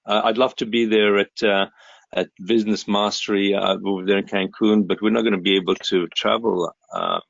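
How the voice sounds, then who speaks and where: A man from Australia calls in and chats in a friendly way, often pausing and restarting. His voice sits low with a gravelly edge. The sound is dry and a little dull. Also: lively intonation, no room sound. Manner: hesitant, friendly. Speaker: caller. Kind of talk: casual call chat. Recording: dull, dry call audio.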